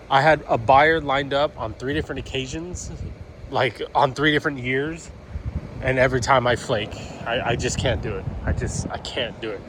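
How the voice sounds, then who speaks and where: A car vlogger in his thirties talks casually, rambling with plenty of fillers and swearing. His voice is medium-pitched, and there's background noise.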